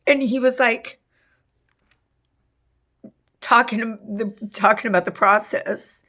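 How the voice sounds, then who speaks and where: A middle-aged woman telling a painful personal story in an interview, halting and full of restarts. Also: mid-range voice, steady tone, a bit bright. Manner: halting, with many restarts and fillers. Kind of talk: emotional personal testimony.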